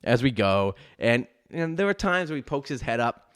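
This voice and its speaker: A man hosts a casual podcast and tells a long story, swearing freely and rambling from one aside to the next. His voice sits at an ordinary middle pitch, and he talks in an easygoing, unscripted way. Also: very animated, moderate pace, a bit bright, clear, resonant tone. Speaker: podcast host. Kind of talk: casual chat.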